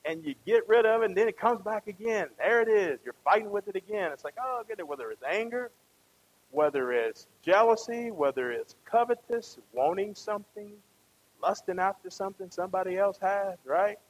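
A man's voice: sits high, lively intonation, moderate pace, poor audio. A man preaching a conversational sermon, often asking the congregation questions and tagging them with "right?".

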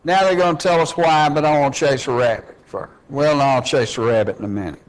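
A man's voice: medium pitch, brisk, low-quality recording. A man preaching a sermon, emphatic and plain-spoken with folksy asides, his voice climbing as he drives his points home.

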